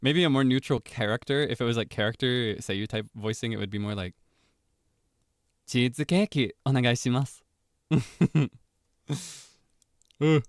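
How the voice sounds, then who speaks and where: A man's voice: mid-range voice, quick pace, hardly any pauses, clean tone, no room sound. Male streamer, casual chat, laughs a lot, rambles, dry close sound. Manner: animated, giggly, rambling asides.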